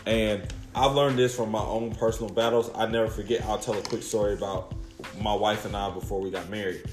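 A man's voice: on the low side, steady tone, a little fast. Man, podcast guest, earnest, reflective, repeats phrases, echoey room, faint music.

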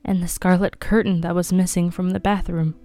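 A woman reading a blunt, quick-tempered middle-aged man who speaks gruffly. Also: lowish voice, level tone, warm tone, natural voice. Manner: angry and gruff.

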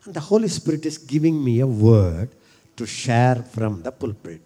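A middle-aged man preaching a sermon. He repeats his phrases and builds from quiet talk to shouting. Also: mid-range voice, sing-song, moderate pace, husky, long reverb tail.

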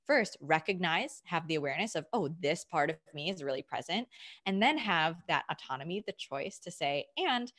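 A woman life coach interviewing her client, warm and affirming, reflective in tone. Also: on the low side, animated, normal speed.

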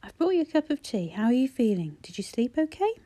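Woman reading as a caring grown son; soft, soothing, a little higher, mellow. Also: sing-song, quick pace.

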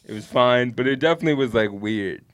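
A young man spins a rambling, fillers-heavy story on a casual podcast with his friends. His voice sits at an ordinary middle pitch, recorded close and dry with no room sound. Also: expressive, fast talker, dry recording. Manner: rambling, laid-back, heavy swearing and fillers. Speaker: podcast co-host.

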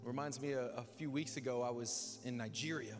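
A young man preaching a sermon as pastor, swinging from hushed, slow lines to loud, emphatic ones, with casual asides. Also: medium pitch, steady tone. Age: young adult. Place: large church hall. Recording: reverberant hall with music behind. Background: background music.

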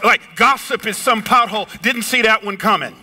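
A middle-aged man preaching a sermon, swinging his pitch up and down and slowing or raising his voice for emphasis. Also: bright, forceful tone, faint music behind. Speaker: pastor. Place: lives in a big city apartment.

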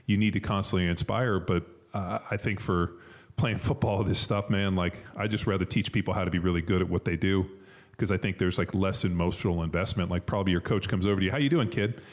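Deep-voiced man in loose podcast chat. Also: little pitch movement, fairly quick. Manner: loose and profane, lots of fillers. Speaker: podcast co-host. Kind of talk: casual chat.

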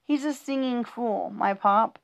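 A woman reads funny rhyming poems for kids with a bouncy, sing-song lilt. Her voice sits a little high, and she stumbles now and then as she reads. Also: a little slow, creaky. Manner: playful, sing-song rhythm with small stumbles. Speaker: reader of children's poems. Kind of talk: reading humorous rhyming poems aloud.

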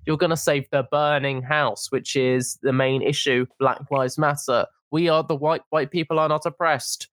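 A man's voice: fairly high pitch, fairly even intonation, normal speed, fairly bright tone, no room sound, studio quality. A young man co-hosting a casual podcast, talking in an indignant, sarcastic way. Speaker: podcast co-host. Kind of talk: casual opinion chat.

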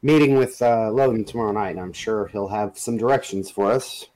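Male player, hesitant and halting, casual. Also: lowish voice, a little mellow, low-quality recording. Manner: hesitant, lots of ums. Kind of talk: tabletop role-play chat.

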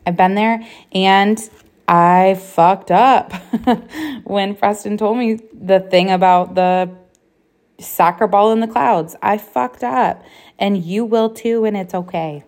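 A woman's voice: medium pitch, slow, a little mellow. A woman in her thirties hosting a solo podcast, talking candidly and bluntly with plenty of swearing. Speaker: podcast host.

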